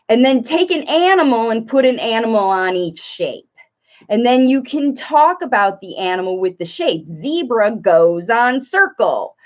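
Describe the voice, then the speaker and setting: A woman speech therapist and parent coach giving live Q&A advice, talking in an animated way and breaking into playful sing-song examples. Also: a little high. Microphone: live stream. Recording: dull lo-fi livestream audio.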